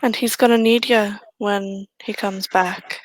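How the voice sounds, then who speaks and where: A woman's voice: medium pitch, steady tone, measured pace, no room sound, lightly acted, poor audio. A woman voicing a blunt, protective, pregnant werewolf mother in a tabletop game. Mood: earnest. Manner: blunt and threatening.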